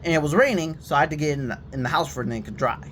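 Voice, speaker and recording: A young man telling a story to his viewers in a casual, expressive rant. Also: fairly high pitch, rapid-fire, a little hiss or hum. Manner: animated and expressive, drops to a quiet shaky voice when reenacting himself. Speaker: vlogger.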